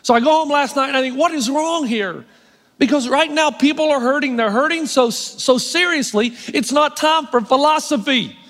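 A middle-aged man preaching a sermon as pastor, wry and self-mocking, shifting into animated preaching. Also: extremely high pitch, a little fast, few pauses. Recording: long hall reverb.

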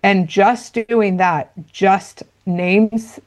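A woman's voice: medium pitch, steady tone, drawn-out words. A woman speaking as a parenting expert in an interview, explaining earnestly with frequent "you know" fillers. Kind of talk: interview conversation.

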